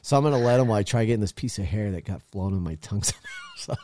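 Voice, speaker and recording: A man's voice: on the low side, lively intonation, rapid-fire, dark tone, slight background noise. A man hosting a call-in talk show, ranting bluntly and swearing freely. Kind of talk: opinionated political talk.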